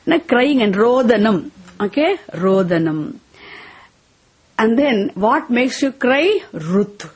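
A woman teaching Sanskrit words in a slow, deliberate class lesson, having students repeat after her. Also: mid-range voice, darkish tone. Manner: slow deliberate explaining, switching into Tamil and chanting verses. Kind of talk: class lesson with call-and-response recitation.

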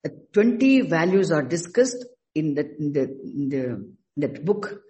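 A man teaching a scripture class, speaking haltingly and stressing key words slowly. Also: on the high side, big pitch swings, warm tone, poor audio. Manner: halting, restarts words, slow emphatic stresses. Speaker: Vedanta teacher.

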